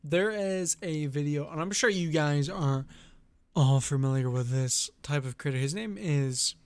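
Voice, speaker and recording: Casting note: man streamer, slightly high voice, dry close sound, rambling storyteller. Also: measured pace, clear, resonant tone, no room sound. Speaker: streamer host. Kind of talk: casual chat on a live stream.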